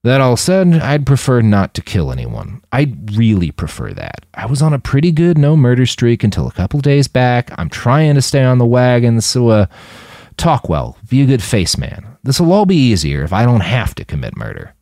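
A man's voice: medium pitch, wildly swooping pitch, normal speed, a little mellow, no echo, studio quality. A man voicing a blunt, matter-of-fact male killer in a storybook reading. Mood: earnest.

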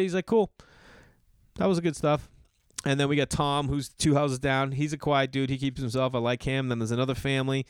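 Profane, animated man telling a story. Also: mid-range voice, fairly quick, clear, resonant tone, dry recording, studio quality. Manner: profane, animated, acts out quoted voices. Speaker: comedian. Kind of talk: casual storytelling monologue.

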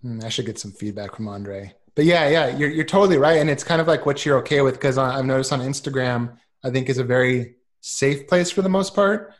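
A man co-hosting a laid-back podcast, speaking at a middling pitch in an easygoing way. He pokes fun at himself as he talks. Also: a little fast, hardly any pauses. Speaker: podcast co-host. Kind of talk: casual chat.

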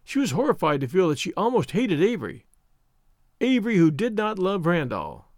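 A man reads a storybook aloud as an audiobook narrator. His voice sits somewhat high and moves with lively pitch. The recording is close and dry. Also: moderate pace, no room sound.

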